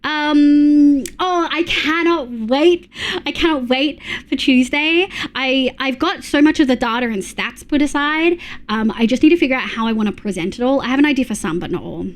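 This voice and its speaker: With an Australian accent and a high-pitched voice, a woman chats casually with her live-stream viewers, reading out chat messages and tossing in quick asides.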